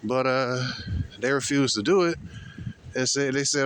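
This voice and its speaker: A man vlogging outdoors, talking in a slangy, emphatic and preachy way while walking fast and breathing hard. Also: medium pitch, steady tone, fairly bright tone, clear, resonant tone. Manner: slangy, emphatic, repeats points. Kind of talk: casual preachy monologue. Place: outdoors on a walk.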